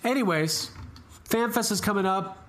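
A man's voice: high-pitched, moderate pace, fairly bright tone. A man hosting a podcast, chatting casually and joking around with his co-hosts. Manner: jokey, playful impressions. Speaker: podcast host. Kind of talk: casual podcast chat with ad reads.

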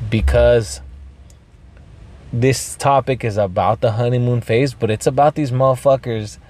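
A man hosting a podcast, telling a rambling story with lots of swearing, throat clearing and bits of Spanish. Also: on the low side, warm tone. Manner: mixes in Spanish phrases. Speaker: podcast host. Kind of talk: casual storytelling monologue.

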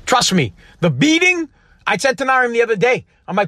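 A man's voice: very high-pitched, big pitch swings, brisk, bright, forceful tone, no room sound. A man in his thirties from the United States, delivering a heated, profane, emphatic monologue with frequent restarts. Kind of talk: impassioned monologue.

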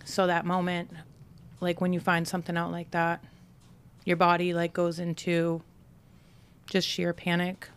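A woman from Brockton, Massachusetts, appears as a podcast guest, casually recounting a personal story full of "like"s and quoted dialogue. Her voice sits lowish and smooth, delivered completely flat at an unhurried pace with long pauses.

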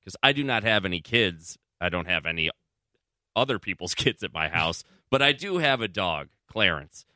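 A man co-hosts a radio show in easy, playful chat, his fairly low voice moving widely in pitch. The tone is very bright and the sound dry and close. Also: expressive, moderate pace, dry recording. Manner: playful, jumps high when quoting himself. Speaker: radio co-host.

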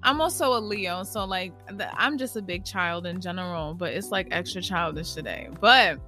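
A young woman hosting a podcast solo, energetic and slangy, out of breath and laughing often. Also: fairly low pitch, moderate pace, faint music behind. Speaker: podcast host and spiritual healer. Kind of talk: casual solo podcast monologue.

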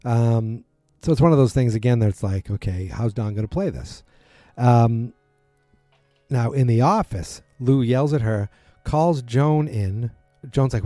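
A man's voice: lowish voice, a little slow, no room sound, faint music behind. A man casually recapping a TV episode, rambling and correcting himself as he acts out bits of dialogue. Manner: rambling, self-correcting, animated quotes.

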